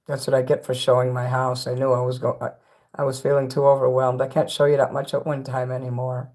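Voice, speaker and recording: A man on a livestream talks fast in a flat, mid-range voice that's a little mellow, wandering from topic to topic and swearing as he chats straight to his viewers. The audio comes from a phone.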